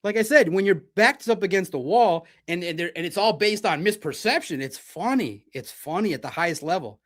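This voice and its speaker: A man's voice: sits high, animated, brisk, fairly bright tone. A man from Detroit hosting a livestream sports podcast, talking in a blunt, combative and profane way. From Detroit, United States.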